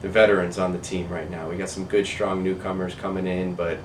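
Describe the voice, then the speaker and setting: A man playing a worried male team executive speaking in a measured, concerned way. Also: deep voice, flat delivery, slight background noise, natural voice. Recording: echoey room, distant mic.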